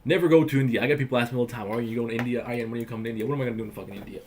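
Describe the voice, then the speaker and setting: Blunt, fast-talking Balkan man. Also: mid-range voice, steady tone, a little mellow, a little hiss or hum. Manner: blunt, profane, emphatic. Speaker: livestream host. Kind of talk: casual livestream Q&A rant.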